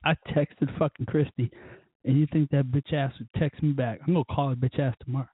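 A man's voice: medium pitch, fairly even intonation, fairly quick, dry recording. A drunk man hosting a podcast, rambling profanely through stories with quoted asides. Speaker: podcast host. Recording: tinny phone-like line, husky voice.

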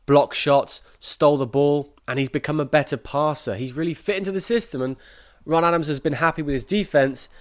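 A man hosting a sports podcast, giving brisk, opinionated analysis and then interviewing a guest. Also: fairly high pitch. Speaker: podcast host.

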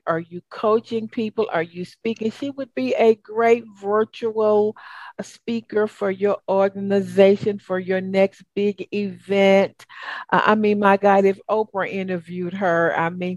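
A woman's voice: medium pitch, darkish tone, no room sound, lo-fi sound. A woman with a Southern US accent hosting a talk show, effusive and encouraging, with a spiritual bent. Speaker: host. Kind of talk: upbeat talk show chat.

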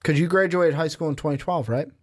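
A man's voice: fairly high pitch, fast. A young man co-hosting a sports podcast in casual chat, quizzing his partner with rambling asides. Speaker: podcast co-host.

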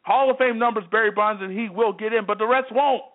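Over tinny phone-line audio, a sports radio host with a high, fairly quick voice works himself up in an emphatic monologue. He keeps hammering the same phrases again and again.

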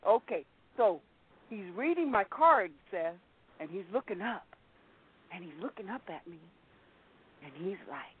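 A woman telling a personal testimony as a guest, slowly relating a story and acting out the people in it. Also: mid-range voice, very animated, breathy edge. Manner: slow storytelling, acting out quoted voices. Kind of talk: personal testimony in a call-in talk. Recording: tinny phone line.

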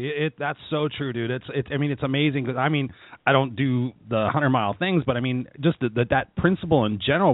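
A man hosting a conversational interview, talking in an animated way and acting out the people he quotes. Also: medium pitch, no echo. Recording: tinny phone-line audio, dry.

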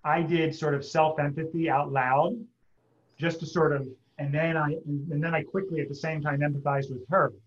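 A man guest, an internist, speaking in a gentle, earnest, halting way in calm conversation. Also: a little high, echoey room, lo-fi sound. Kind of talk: calm conversational podcast talk.

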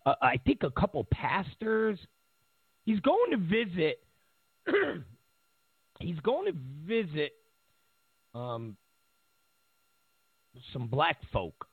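A man with a gravelly voice talks slowly and mockingly, repeating himself and chuckling as he goes. His pitch swings widely. The sound is thin and phone-like. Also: wildly swooping pitch, no echo. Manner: mocking, repetitive, laughs at his own points. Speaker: political commentary host. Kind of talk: casual political commentary. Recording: tinny phone-like audio.

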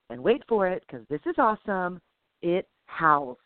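Excitable woman telling a story on a phone line. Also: lowish voice, a little slow, no echo. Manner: animated, mimics sounds and voices, laughs often. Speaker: podcast co-host. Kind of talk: casual storytelling chat. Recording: tinny phone-like sound, dry.

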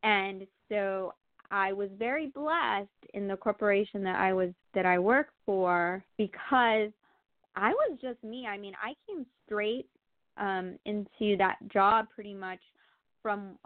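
Over a tinny, phone-like dry line with no room sound, a woman with a medium-pitched voice shares her testimony as a guest at a measured pace. She's chatty and animated, laughing often and using lots of fillers.

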